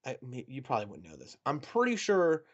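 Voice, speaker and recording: A young man in a relaxed podcast conversation, with a middling pitch. He talks in a chatty, animated way. He slips easily into mocking asides. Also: a little fast, dull audio. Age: young adult. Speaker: podcast co-host. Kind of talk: casual chat.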